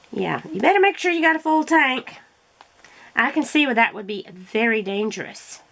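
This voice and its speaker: A woman's voice: medium pitch, a bit bright, a little hiss or hum. A middle-aged woman chatting casually to viewers as she crafts, telling stories and laughing often. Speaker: craft vlogger. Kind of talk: casual chat while crafting.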